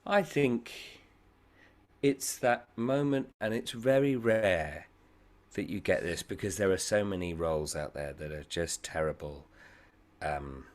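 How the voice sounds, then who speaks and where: A man's voice: deep voice, lively intonation, a little slow. A male actor being interviewed, talking thoughtfully with many hesitant fillers. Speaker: actor and guest. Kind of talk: casual interview chat.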